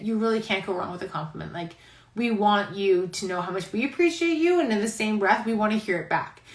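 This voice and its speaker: A woman's voice: mid-range voice, fairly bright tone. Chatty pregnant woman in an echoey room. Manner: chatty, rambling, heavy use of "like"; heartfelt, near tears. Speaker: host. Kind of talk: casual live-stream chat. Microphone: phone live stream.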